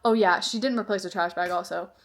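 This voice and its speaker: A woman's voice: mid-range voice, fast. A young woman vlogger telling a storytime, rambling and exasperated, with many "like"s. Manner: rambling, heavy use of "like", exasperated. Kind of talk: storytime vlog.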